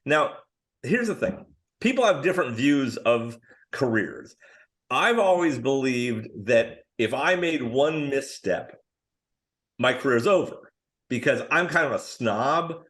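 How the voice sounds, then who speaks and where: A middle-aged man, a screenwriter guest on a podcast, telling casual, animated stories and acting out other people's lines. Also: medium pitch, takes it slowly.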